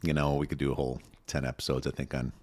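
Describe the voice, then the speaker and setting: A middle-aged man with an extremely low, deep voice, co-hosting a podcast. He talks in a relaxed, easygoing way and sometimes repeats words as he goes. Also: very fast. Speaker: podcast co-host. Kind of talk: casual chat.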